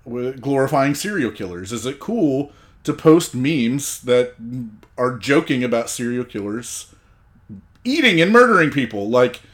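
A man's voice: mid-range voice, very animated, measured pace. A man hosting a podcast in casual banter, swearing freely and laughing between jokes. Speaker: podcast host.

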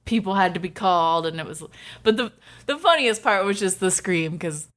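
Swearing, animated woman podcast co-host. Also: mid-range voice, moderate pace. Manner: animated storytelling with swearing and laughter. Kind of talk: casual chat.

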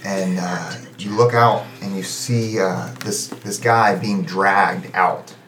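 A man running a tabletop game as game master, narrating in a halting way full of fillers and small restarts. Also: sits low, steady tone, fairly bright tone, echoey room, slight background noise.

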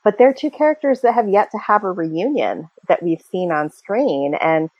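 A woman's voice: medium pitch, very animated, moderate pace, breathy edge, dry recording, muffled recording. A woman co-hosting a casual fan podcast, chatting and speculating freely, with many fillers and small laughs. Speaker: podcast co-host.

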